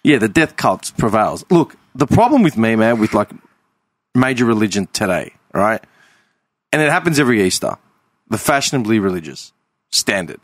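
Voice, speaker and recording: A man's voice: on the low side, sing-song, normal speed. A man ranting in casual podcast chat, often adding "man" and "right?". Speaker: podcast host.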